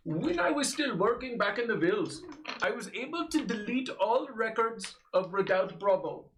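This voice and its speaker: A man's voice: sits high, big pitch swings, moderate pace, a bit bright, reverberant, distant mic, a little hiss or hum, rough recording. A man running a tabletop role-play, speaking formally in character with many stalling fillers. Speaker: game master voicing a character.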